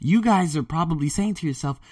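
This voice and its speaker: A young man hosting his own podcast alone, talking casually and animatedly, with loud excited bursts that drop to low murmurs. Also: fairly quick, no room sound, studio quality, far from the mic. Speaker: podcast host. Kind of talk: solo podcast monologue.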